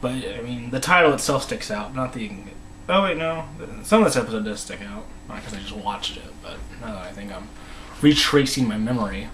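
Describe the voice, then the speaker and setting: A man's voice: mid-range voice, brisk, a bit bright, a little hiss or hum, poor audio. A man casually recapping a TV episode, rambling with many restarts and voice dropping to a mumble. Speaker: episode reviewer.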